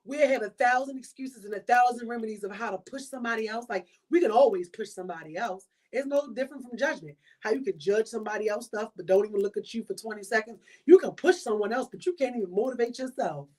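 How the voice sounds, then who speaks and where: A woman's voice: on the high side, fast talker, hardly any pauses, darkish tone. Emphatic woman podcast host, preaching. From Baltimore. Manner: preachy, emphatic, repeats points. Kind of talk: motivational monologue.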